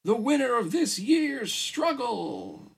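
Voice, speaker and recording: A man voicing an excitable male tournament announcer who draws out his announcements. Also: creaky, slightly rough, exaggerated voice. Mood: hyped. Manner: booming, drawn-out announcing.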